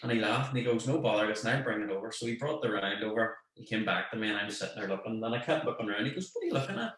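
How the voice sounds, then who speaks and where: A man with a Northern Irish accent telling a lively anecdote in casual chat, acting out what people said. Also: fairly low pitch, rapid-fire. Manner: animated anecdote, acts out quoted voices. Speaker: guest, football manager. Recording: very echoey room.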